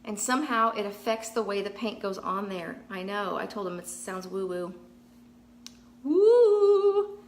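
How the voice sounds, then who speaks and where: A woman's voice: mid-range voice, fairly even intonation, normal speed, hardly any pauses, fairly bright tone, reverberant. A middle-aged woman chatting casually while painting on a live stream in her garage, rambling and answering viewer comments as she works. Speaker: painting vlogger. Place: garage, kneeling on concrete floor.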